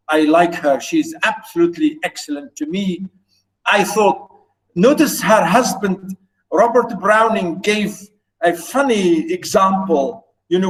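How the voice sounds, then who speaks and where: A man lectures on poetry in a raised, fairly high voice. He takes his time and moves slowly through each idea. He pauses often on fillers and repeats phrases while he works out what he means. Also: poor audio. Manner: earnest, repeats and rephrases lines of verse; hesitant, many fillers and restarts. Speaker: literature lecturer. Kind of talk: university literature lecture.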